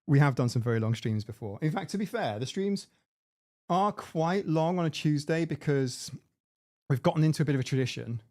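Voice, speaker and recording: A man's voice: a little high, lively intonation, a little fast, darkish tone, dry recording, clean studio sound. A man hosting a casual live stream, chatting in a rambling way and laughing at his own jokes. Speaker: livestream host. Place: home room. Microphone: desk mic with mixer.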